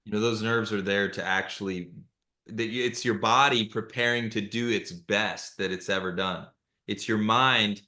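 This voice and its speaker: A retired male athlete, a guest in an interview, talks in a measured, reflective way. His voice is bright and forceful. The room around him adds a roomy echo. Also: lowish voice, fairly even intonation. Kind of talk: live interview answers.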